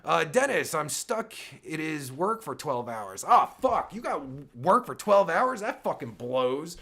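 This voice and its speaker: A man's voice: a little high, big pitch swings, measured pace, vocal fry, a bit bright. A man hosting his own livestream, reacting to a clip in an exasperated, sarcastic and stammering rant. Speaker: podcast host reacting to a clip.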